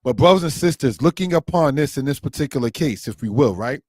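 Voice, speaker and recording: A man's voice: mid-range voice, lively intonation, fast talker, a little mellow, no echo. Man teaching scripture in a dry voice. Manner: repeats "brothers and sisters" and "if we will" often; reads quoted passages aloud, then comments. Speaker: Torah teacher. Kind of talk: scripture lesson.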